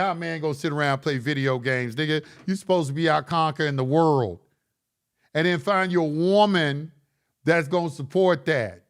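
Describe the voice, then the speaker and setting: On a late-night livestream, a middle-aged man who hosts an online course preaches bluntly, swearing freely and working up to real passion. His voice is on the high side and clean in tone.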